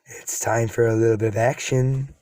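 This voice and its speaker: A man voicing a scheming, resentful young male villain in a fan story, speaking low and slow with menace. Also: fairly even intonation, a little mellow, dry recording, close to an everyday voice. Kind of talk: casual read-aloud of fan story.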